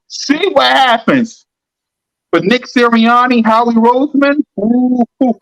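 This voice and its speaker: A man's voice: very high voice, takes it slowly, vocal fry, poor audio. A man hosting a fan sports talk show, ranting in a heated, mocking way and repeating lines for emphasis.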